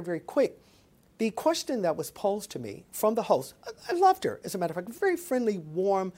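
A woman's voice: on the low side, darkish tone. A woman speaking as an interview guest, with an emphatic, preacher-like delivery. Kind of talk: animated interview talk.

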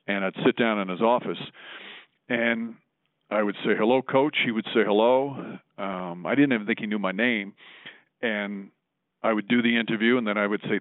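Low-voiced man on a tinny phone line. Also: no room sound. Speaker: sportscaster, podcast guest. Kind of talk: relaxed interview storytelling.

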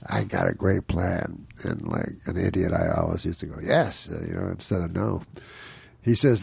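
A man's voice: lowish voice, big pitch swings, fairly quick, gravelly, a little mellow, husky, no echo. A middle-aged man, a guest comedian, telling a rambling, self-mocking anecdote in casual talk and acting out other people's lines.

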